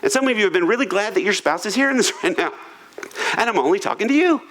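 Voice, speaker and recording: A man's voice: high voice, expressive, quick pace, fairly bright tone, poor audio. A man preaching a sermon in a humorous, conversational, self-deprecating way. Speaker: pastor. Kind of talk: sermon on marriage. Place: church auditorium.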